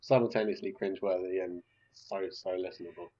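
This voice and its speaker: A man from the UK, a game designer guest on a podcast, chatting casually with dry quick quips. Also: deep voice, steady tone, warm tone, dull audio. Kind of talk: casual chat.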